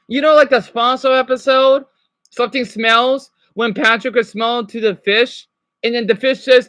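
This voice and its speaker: A man's voice: high voice, pushed and bright, no room sound. Rambling, profane young man ranting. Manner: rambling, profane, quick to apologize. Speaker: live streamer. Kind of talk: live stream rant.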